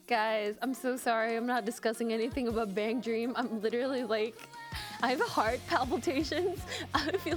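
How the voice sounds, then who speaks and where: A young woman streaming live and reacting, excitable and gushing, swearing often. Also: on the high side, normal speed. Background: faint music.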